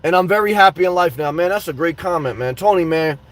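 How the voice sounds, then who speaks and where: A man's voice: on the high side, expressive, fast, fairly bright tone. A man hosting a livestream, reading live chat aloud in a rambling, earnest way and calling his viewers guys and man. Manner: rambling, earnest, repeats words.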